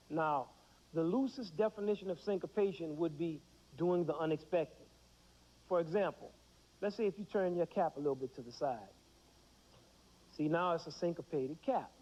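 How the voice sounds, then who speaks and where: A man explains rhythm to young students with playful energy, counting beats aloud and acting out examples. His voice sits a little high. The sound is dull and lo-fi, like an old 1990s TV broadcast. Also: warm tone, in a large hall. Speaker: music teacher. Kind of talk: teaching children about rhythm.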